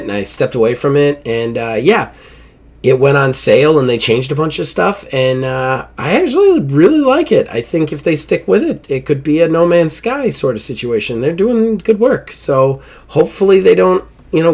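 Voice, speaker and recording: A man hosting a gaming podcast in casual, upbeat chat, swearing now and then as he runs through plugs. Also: medium pitch. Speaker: podcast host.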